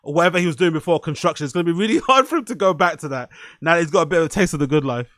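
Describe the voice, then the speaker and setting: A man's voice: a little high, expressive, rapid-fire, a bit bright, no echo. A man hosting a casual reaction podcast, rambling and swearing with frequent asides. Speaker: podcast host.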